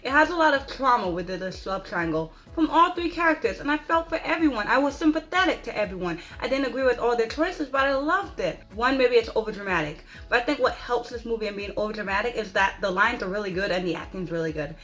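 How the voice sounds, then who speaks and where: A woman giving an excited, dramatic spoken movie review, stressing points with repeated rhetorical questions. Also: a little high, quick pace, hardly any pauses. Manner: dramatic, emphatic, repeats "okay?" for emphasis.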